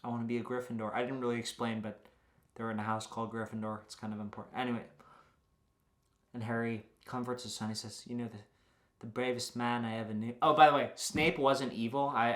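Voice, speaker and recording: A man's voice: mid-range voice, fairly bright tone. A young man, a YouTuber, giving a rambling, joking recap that is full of swearing.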